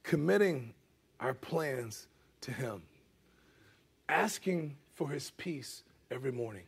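A man's voice: medium pitch, lively intonation, takes it slowly, creaky, slightly rough. A middle-aged man preaching a conversational sermon as pastor, often asking the congregation "amen?" and dropping casual asides.

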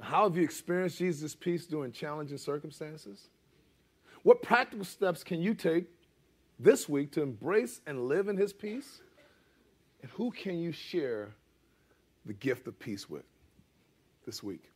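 A man's voice: fairly high pitch, expressive, a little slow, long pauses, darkish tone, husky. A middle-aged man preaching a conversational sermon as pastor, often asking the congregation "amen?" and dropping casual asides.

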